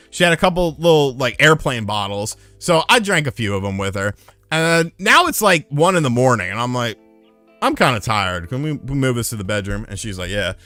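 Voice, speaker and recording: Animated, profane young man telling stories. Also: medium pitch, no echo. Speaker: streamer. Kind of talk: casual storytelling to a live chat.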